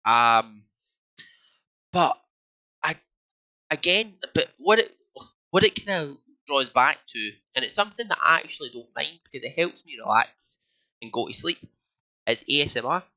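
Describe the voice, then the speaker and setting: Bright-voiced Scottish man rambling. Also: on the high side, big pitch swings, normal speed, long pauses, poor audio. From Scotland. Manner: rambling, hesitant, lots of fillers and restarts. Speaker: podcast co-host. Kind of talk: casual chat.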